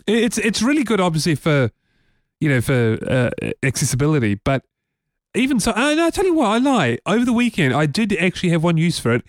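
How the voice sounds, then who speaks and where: A man's voice: high-pitched, big pitch swings, brisk, no echo, clean studio sound. A man from New Zealand co-hosting a casual tech podcast, chatty and rambling with many fillers. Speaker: podcast co-host.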